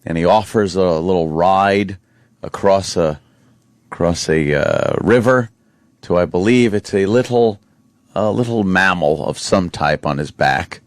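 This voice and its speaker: Low-voiced rambling radio host, man. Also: a little slow, no echo, studio quality. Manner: rambling storyteller. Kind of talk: casual radio banter.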